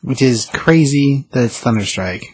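Podcast co-host, man, husky, relaxed, dry close sound. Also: medium pitch, normal speed, no echo. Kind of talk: casual chat.

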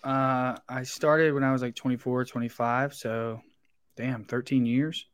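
Southern man in his thirties, comedian guest, candid and salty, mid pitch, dead-dry mic. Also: level tone, measured pace, smooth, no echo. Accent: Southern US (Tennessee). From Tennessee, US. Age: 30s. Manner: candid, profane, storytelling. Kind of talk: casual podcast chat.

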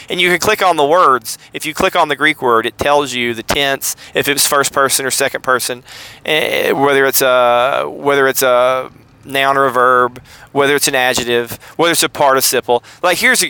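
A man's voice: mid-range voice, pushed and bright, clean tone, poor audio. A man with a Southern accent hosting a podcast, explaining things in a casual, rambling way with many fillers and self-corrections. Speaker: podcast host. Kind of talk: casual teaching monologue.

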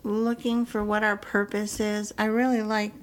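An older woman telling stories in a casual, lively way, slipping into playful voices now and then. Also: mid-range voice, normal speed, low-quality recording. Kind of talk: casual storytelling.

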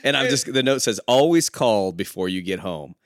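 A man's voice: lowish voice, animated, normal speed, no room sound. A man co-hosting a podcast in casual chat, joking, laughing a lot and telling stories from years of working on the road. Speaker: podcast co-host.

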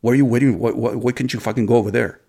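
A man's voice: medium pitch, steady tone, very fast, vocal fry, dark tone. A man doing a foul-mouthed angry hotel guest. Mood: hostile. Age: about the narrator's age. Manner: aggressive swearing. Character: rude cursing male hotel guest, hostile.

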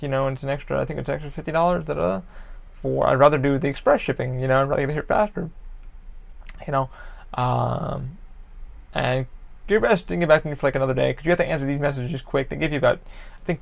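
Male podcast host, solo ramble, rough gravelly voice, profane and frustrated, muffled home mic. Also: mid-range voice. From Orlando, Florida area.

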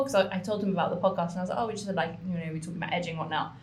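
A young woman co-hosting a podcast, telling a story in an animated way, with lots of swearing and fillers. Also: lowish voice, rapid-fire, hardly any pauses, echoey room. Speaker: podcast co-host. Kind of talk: casual chat.

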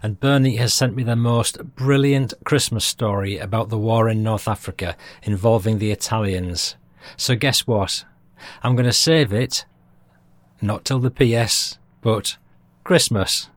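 A man's voice: fairly low pitch, measured pace, no room sound. A man from Britain hosting a history podcast, reading out listener feedback in a chatty way and chuckling at his own jokes. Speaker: podcast host.

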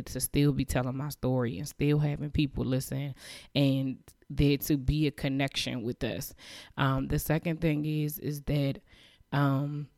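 A woman's voice: extremely low pitch, a little mellow, no echo, studio quality. A woman hosting a podcast, giving a heartfelt, emotional, faith-based message of encouragement. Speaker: podcast host.

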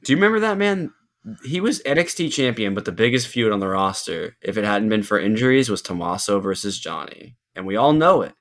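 A young man co-hosts a casual podcast and chats about wrestling. He is laid-back and likes to joke. He keeps chiming in with quick agreement while his partner talks. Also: fairly low pitch, very animated, fairly bright tone. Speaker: podcast co-host.

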